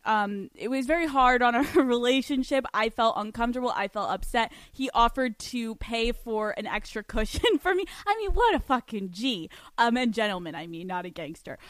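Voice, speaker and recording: High-voiced woman podcast host. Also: normal speed, few pauses, dry recording. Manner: animated, profane, laughs often mid-sentence. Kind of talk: casual storytelling monologue.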